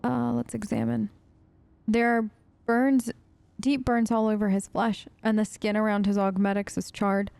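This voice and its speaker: A woman's voice: medium pitch, flat delivery, a little slow, vocal fry, a little mellow, no echo. A woman hosting a let's play, chatting casually and reading game text aloud with restarts and asides.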